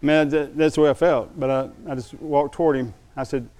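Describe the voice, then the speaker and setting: A man's voice: fairly high pitch, steady tone. Older man preaching with a storytelling flow. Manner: storytelling, slows down for emphasis, drops to a hushed tone when moved. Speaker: pastor. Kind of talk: sermon.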